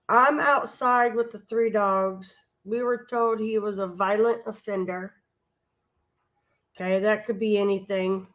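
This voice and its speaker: A woman talks in an unhurried, easygoing drawl, wandering through her stories with asides and restarts. Her pitch sits in an ordinary middle range, and the tone is casual live stream chat. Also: a bit bright. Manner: rambling, homespun, with many asides and restarts. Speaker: vlogger and live stream host.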